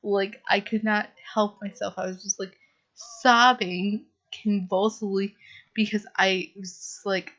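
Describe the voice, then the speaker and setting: Woman book reviewer, unhurried, heavy on fillers, slightly dull lo-fi sound. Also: medium pitch, steady tone, fairly bright tone. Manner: gushing, full of "like" and "um" fillers.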